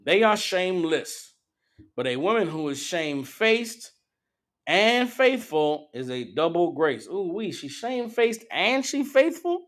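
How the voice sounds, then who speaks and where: A man preaching a blunt, profane street-style sermon, slipping into mocking impressions. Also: high-pitched. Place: meeting hall.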